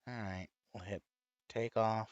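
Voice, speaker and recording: A man chatting casually as he plays a game, rambling with sudden high excited whoops. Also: measured pace, dry recording, dull audio. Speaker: gaming streamer. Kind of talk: casual chat while playing.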